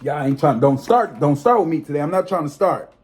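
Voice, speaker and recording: A man in his thirties talks straight to his viewers in a casual vlog, his voice sitting a little high for a man. He chats easily and calls his audience y'all. When something bothers him, he slides into emphatic, swear-filled rants. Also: brisk, husky, faint music behind. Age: 30s. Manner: animated, emphatic ranting with frequent profanity; chatty, addresses viewers directly as y'all. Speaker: psychic tarot reader and channel host.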